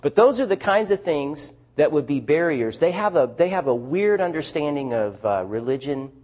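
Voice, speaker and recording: Animated Southern man telling stories. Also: a little high, moderate pace. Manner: animated, chatty storyteller with restarts. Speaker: missionary speaker. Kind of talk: storytelling talk to an audience.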